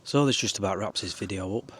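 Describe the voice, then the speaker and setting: Guy rambling earnest advice, lowish voice, bit of faint hiss behind. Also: fast talker. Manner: rambling, earnest, swears now and then. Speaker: vlogger. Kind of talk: casual advice talk to camera.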